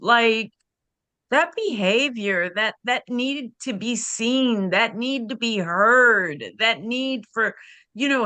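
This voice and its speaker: A woman's voice: on the high side, expressive, slow pace, sharp tone, no room sound. A woman coach speaking candidly and conversationally in a women's support circle, on a video call. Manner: candid, conversational, frequent "you know" and "like".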